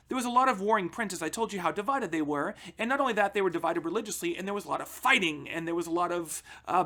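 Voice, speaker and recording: Guy teaching history class, chatty, keeps saying guys and all right, punches up the big points. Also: sharp tone. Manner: conversational, keeps addressing students as guys with frequent "all right?" checks; emphatic, lifts pitch and volume to stress key points. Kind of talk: recorded history lecture for students.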